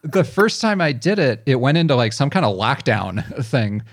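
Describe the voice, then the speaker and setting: A man's voice: mid-range voice, sing-song, normal speed, dry recording. Laughing, rambling man, dry sound. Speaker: podcast co-host. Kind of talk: casual chat.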